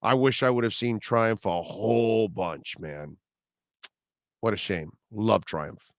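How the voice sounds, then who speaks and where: A middle-aged man hosting a sports radio show, chatting loosely and rambling through listener comments. His voice is smooth and resonant, recorded close and dry with no room sound. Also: fairly low pitch, slow pace, no echo. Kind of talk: casual live radio talk.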